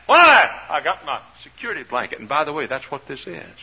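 Male preacher, husky, animated sermon delivery, dull lo-fi church recording. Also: fairly high pitch, brisk. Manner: animated, shouting peaks and quiet asides, questions the congregation. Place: church in front of a congregation.

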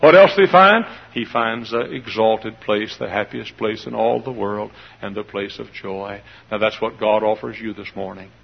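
A male preacher delivering a folksy, lively sermon, breaking into shouts and laughter. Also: lowish voice, normal speed, vocal fry, hardly any pauses, a little hiss or hum. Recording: dull lo-fi radio recording.

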